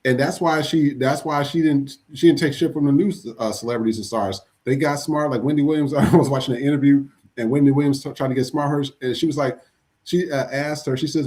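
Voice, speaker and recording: Male livestream host, mid-pitched, casual and rambling. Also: steady tone, fairly quick, darkish tone. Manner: loose, chatty, frequent fillers and restarts. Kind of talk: casual chat reading viewer comments.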